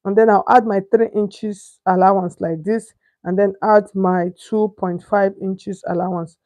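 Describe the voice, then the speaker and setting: At a measured pace, this young Nigerian woman speaks in a mid-range, darkish voice with fairly even intonation. As a sewing instructor she demonstrates pattern cutting step by step, chatting, regularly checking that viewers can see, and searching for words.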